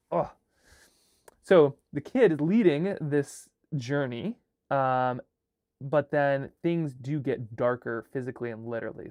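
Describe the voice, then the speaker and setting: A man hosting a casual live chat, brainstorming a story in an excitable, rambling way, full of fillers and restarts. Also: medium pitch, no room sound. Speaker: host and filmmaker.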